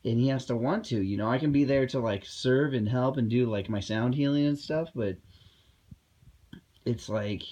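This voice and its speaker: A man's voice: medium pitch, normal speed, mellow. A man talking in a casual vlog monologue, rambling and heated, with many fillers and restarts, recorded at home. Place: at home indoors.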